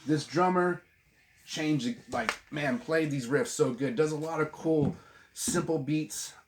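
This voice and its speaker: A man's voice: on the high side, takes it slowly, background noise. Middle-aged guy rambling about records at home, swears a ton, keeps restarting sentences, camera on a tripod. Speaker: vinyl channel host. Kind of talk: casual chat about albums. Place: at home with a dog.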